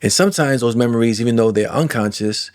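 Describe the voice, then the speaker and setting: A man in his forties, a coach for trauma clients, talking casually to camera in a self-help monologue, animated, drawing out words for emphasis and acting out inner voices. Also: mid-range voice. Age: 40s. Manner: animated, acts out inner voices and imagined replies, drawn-out emphasis.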